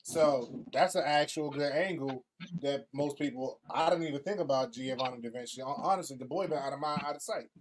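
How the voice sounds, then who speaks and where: A man's voice: medium pitch, a little fast. A man with a Baltimore accent hosting a casual podcast chat, talking in laid-back slang. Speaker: podcast host. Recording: noisy background.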